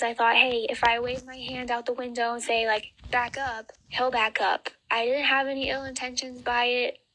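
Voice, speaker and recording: Young woman, college age, personal storytelling, flat even delivery, matter-of-fact. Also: on the high side, slight background noise, poor audio. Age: young adult.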